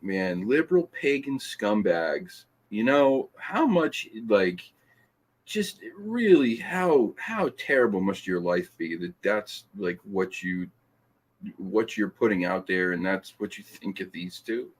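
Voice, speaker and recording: Man, husky, low voice, slow talker, laughs a lot, live chat host. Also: lively intonation. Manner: laughs often, teasing, stumbling restarts. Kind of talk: casual live-stream chat.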